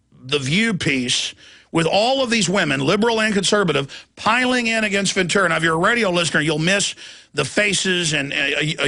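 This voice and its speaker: A fired-up man hosting live talk radio, his voice high and gravelly with a sharp, forceful edge. He rants with mounting outrage and mocks his opponents, mimicking their laughter. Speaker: radio talk show host.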